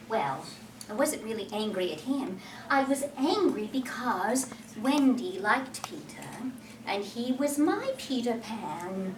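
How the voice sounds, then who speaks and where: A woman giving a one-woman storytelling performance in character, playful and animated, speaking straight to her listeners, recorded from a distance in a roomy hall. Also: on the high side, unhurried, slight background noise.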